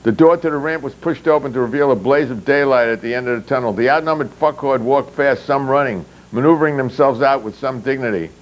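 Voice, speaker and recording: A man reading his own satirical novel aloud in a low, deadpan, unhurried manner. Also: rough recording.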